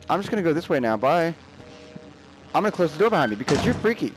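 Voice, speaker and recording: A man's voice: on the high side, big pitch swings, fast, a little hiss or hum. A young man giving let's play commentary, jumpy and nervous, talking back to the game's characters. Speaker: gamer.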